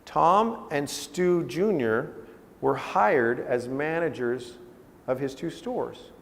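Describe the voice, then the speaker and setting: A man's voice: on the high side, takes it slowly, gravelly, slight background noise. A man, a family business consultant, tells a case story in a conversational lecture style, often checking in with his audience. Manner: conversational, checks in with "okay?" and "right?". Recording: reverberant hall.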